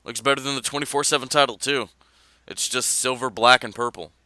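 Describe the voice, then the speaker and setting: A man co-hosting a casual wrestling podcast, reading fan mail and rambling through his opinions in an animated way. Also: mid-range voice, fairly quick, no room sound. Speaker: podcast co-host.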